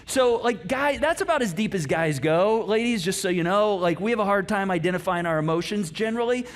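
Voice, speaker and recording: High-voiced man preaching a casual sermon. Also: expressive, fairly quick. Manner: conversational, acts out inner dialogues, laughs easily. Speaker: pastor. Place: church auditorium.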